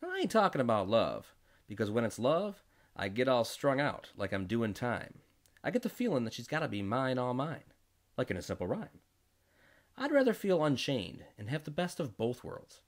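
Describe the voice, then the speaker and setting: A man telling a comic first-person story, jokey and fast-shifting between voices. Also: medium pitch, sing-song. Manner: jokey storytelling with quick voice switches.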